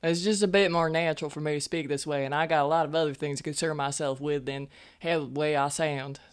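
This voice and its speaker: A woman's voice: sits low, steady tone, quick pace, clear, resonant tone, close to an everyday voice. A woman playing a blunt folksy half-elf army medic. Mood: sassy. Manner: folksy drawl, says y'all and ain't. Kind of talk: tabletop role-play.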